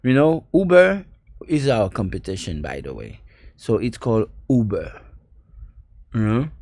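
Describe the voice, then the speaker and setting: A man brainstorming brand names, halting and insistent, repeating his words. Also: on the low side, very animated, warm tone, husky, no room sound, studio quality. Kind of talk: brainstorming chat.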